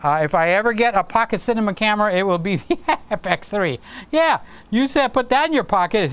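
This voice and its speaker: A man's voice: high-pitched, animated, brisk, fairly bright tone, clear, resonant tone. A man hosting a live stream, chatting casually and playfully with viewers and reading out their comments. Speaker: livestream host.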